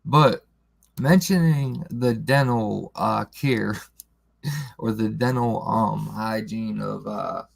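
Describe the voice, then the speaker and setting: Gravelly man chatting on a live stream. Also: medium pitch, no room sound. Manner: slangy, rambling, talks to chat viewers by name. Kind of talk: casual live stream chat.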